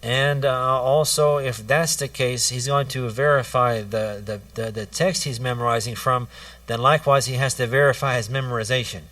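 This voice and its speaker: A man's voice: medium pitch, fairly even intonation, moderate pace, fairly bright tone, no echo, far from the mic. A man giving a religious lesson, repeating key phrases and restarting his sentences as he teaches. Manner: repetitive, restarts phrases, stresses points twice. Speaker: Islamic teacher.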